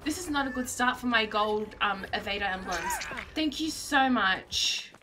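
A young woman, streaming herself playing a game and reacting in a panicky, excitable way. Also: mid-range voice, unhurried, background noise. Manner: excitable, panicky, often shrieking and laughing. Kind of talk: live gameplay commentary.

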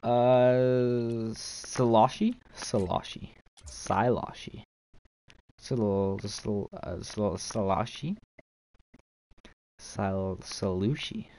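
A man's voice: fairly low pitch, extremely slow, pauses often, mellow, smooth. A young man streaming a game, chatting casually with viewers, laughing and swearing easily. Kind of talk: casual live-stream chat while trading.

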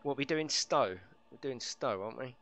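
A man's voice: medium pitch, expressive, moderate pace, a bit bright. A man streaming a racing game live, chatting casually with viewers and friends, swearing lightly and laughing often.

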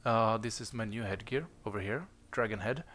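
In a let's-play, a man who runs a gaming channel talks through his game in a chatty, relaxed style with many fillers. His voice is lowish and his pace moderate.

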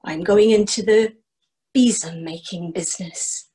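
A woman voicing Archie, an excited, curious young male farmhand in a storytelling performance. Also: mid-range voice, unhurried, husky. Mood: defiant. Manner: excited, wide-eyed questioning.

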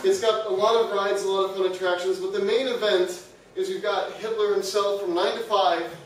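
A young male college comedian telling an absurd story in a deadpan way to a live audience, sometimes laughing at his own jokes. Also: high-pitched, fairly quick, recorded from a distance. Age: young adult. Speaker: student comedian. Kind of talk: stand-up comedy. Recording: echoey room, mic from afar, audience noise.

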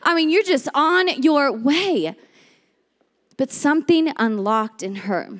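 A woman preaching a sermon in a church, lively and animated, often breaking into shouts and acted-out quotes. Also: sits high, takes it slowly. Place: church sanctuary. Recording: long hall reverb.

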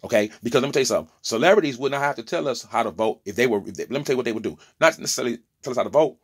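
Rapid-fire and animated, with a breathy edge to his mid-range voice, a man in his forties rants through an opinion vlog. Impassioned, he stumbles, restarts, and repeats words to drive his points home, adding preachy asides.

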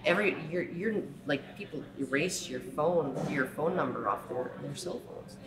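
A woman's voice: low voice, lively intonation, moderate pace, heavy background noise. A woman giving an impassioned talk, often ending points with "right?" and mocking the people she quotes. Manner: frequent "right?" tags, mocking put-on quotes. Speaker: speaker. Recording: echoey room with crowd.

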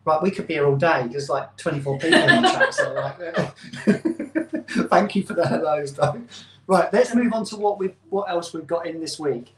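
A man's voice: fairly high pitch, very animated, moderate pace, fairly bright tone. Chatty man in an echoey room. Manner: chatty, rambling, self-deprecating. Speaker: channel host. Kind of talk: casual live-stream chat. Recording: roomy echo.

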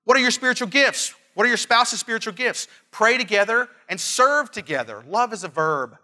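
Bright-voiced earnest male pastor preaching. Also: extremely high pitch, animated, fairly quick. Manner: earnest, emphatic, repeats phrases, storytelling asides. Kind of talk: sermon.

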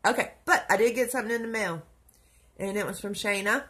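A young woman, talking to her viewers in a casual vlog, soft-spoken and affectionate, her speech trailing off. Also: medium pitch, fast talker, husky. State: tearful. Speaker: vlogger.

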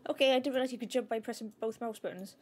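A woman streaming a game from home into a desk mic, yelping and shouting at it with lots of exclamations. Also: a little high, very fast. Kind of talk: live gaming stream commentary. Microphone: new desk mic.

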